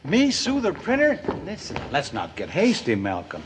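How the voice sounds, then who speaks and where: A glib, smooth-talking schemer. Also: male voice, a little high, sing-song, brisk. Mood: coaxing. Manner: glib and coaxing, turns snappish. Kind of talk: 1950s film comedy acting. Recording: hissy old film soundtrack.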